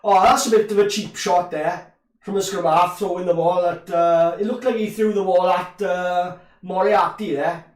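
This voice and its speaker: A man's voice: sits high, steady tone, moderate pace, far from the mic. Chatty Welsh man with a Llanelli accent. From Wales. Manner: chatty, rambling, laughs often, reads chat aloud. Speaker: live stream host. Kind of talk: casual live rugby watch-along chat. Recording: roomy echo, voice a bit off-mic.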